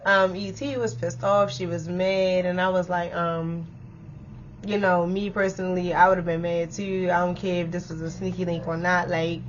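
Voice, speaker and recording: A young woman vlogger telling a story time to her viewers in a casual, animated way, swearing freely and breaking into laughter. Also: on the low side, normal speed, highs cut off, slight background noise.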